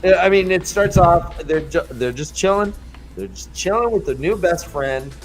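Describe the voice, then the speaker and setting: A man's voice: high voice, lively intonation, moderate pace, faint music behind. Joking, rambling male podcast host. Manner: rambling and joking, with crude humor. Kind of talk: casual book discussion chat.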